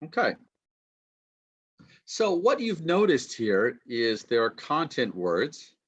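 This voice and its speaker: Lively man lecturing over a video call. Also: mid-range voice, slow, husky, lo-fi sound. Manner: chatty, peppers talk with "okay" and checks in with listeners. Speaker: university lecturer. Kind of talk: online lecture on pronunciation. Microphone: computer mic on a video call.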